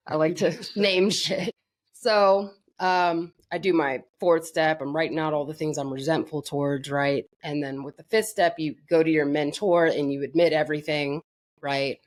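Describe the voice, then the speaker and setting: A woman's voice: low voice, fairly even intonation, normal speed. A woman from Florida, a podcast guest telling her own story in a candid, blunt and profane way, mocking herself.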